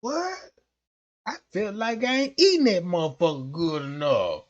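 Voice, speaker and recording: A young man livestreaming, telling stories in a casual, slangy, animated way. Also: high-pitched, moderate pace, dull audio.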